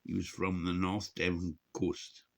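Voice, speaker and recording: A man's voice: low-pitched, monotone, unhurried, gravelly. A man in his sixties talks in a rambling, casual vlog monologue, chuckling and cursing, his speech slightly unclear from missing teeth. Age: 60s. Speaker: vlogger.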